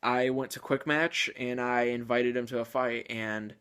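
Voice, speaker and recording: A man's voice: mid-range voice, level tone, measured pace, a bit bright, clear, resonant tone. A man hosting a gaming channel, chatting casually with lots of filler words and the odd chuckle. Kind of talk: casual video game commentary.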